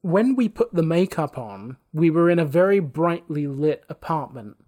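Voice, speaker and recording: Man, somewhat high-pitched, podcast guest, casual anecdote, animated, acts out quotes, casual swearing. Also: moderate pace.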